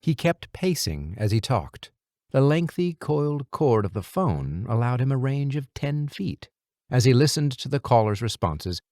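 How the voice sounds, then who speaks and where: Expressive, gravelly male audiobook narrator. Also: mid-range voice, dry recording, studio quality. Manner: lively, expressive storytelling. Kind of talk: scripted narration.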